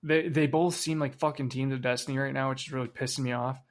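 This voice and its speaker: A man's voice: mid-range voice, steady tone, quick pace. A man co-hosting a podcast, talking casually about sports, swearing freely and trailing off with fillers. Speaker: podcast co-host.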